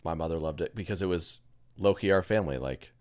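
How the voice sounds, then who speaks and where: A man's voice: low-pitched, fast talker, darkish tone, clean tone. A young man co-hosting a casual podcast, joking and laughing often. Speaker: podcast co-host. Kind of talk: casual chat.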